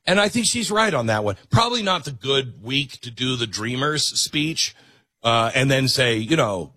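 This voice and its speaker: A man hosting a political commentary show, sarcastic and animated. His husky voice swings widely in pitch. The sound is close and dry. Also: moderate pace, dry recording. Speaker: host.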